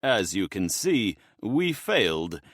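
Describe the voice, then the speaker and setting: Man voicing a timid young male necromancer, hesitant, apologetic, lowish voice, audiobook. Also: big pitch swings, slow, fairly bright tone, dry recording, studio quality, heavily acted. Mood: deferential.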